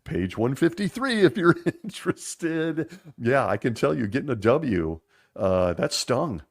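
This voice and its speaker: A man hosting a casual monologue, making wry sarcastic asides and laughing as he talks, slowing down to stress points. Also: medium pitch, vocal fry. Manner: laughs often while talking; lively and animated, slowing down for emphasis. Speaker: podcast host.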